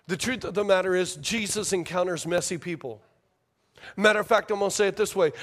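A male pastor preaching a sermon to his congregation, talking casually, repeating phrases, asking questions, and building to near shouts. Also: sits high. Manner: rises to near shouting at climaxes, drops to hushed tones in prayer.

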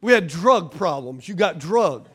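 A middle-aged man preaching a sermon as pastor, calling out to the congregation and swinging between loud and quiet. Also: on the high side, expressive, unhurried, husky.

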